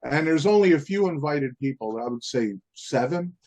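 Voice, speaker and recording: A man's voice: fairly high pitch, expressive, moderate pace, darkish tone. A man, a guest musician, telling stories in a casual interview, rambling with lots of fillers like "man" and "you know".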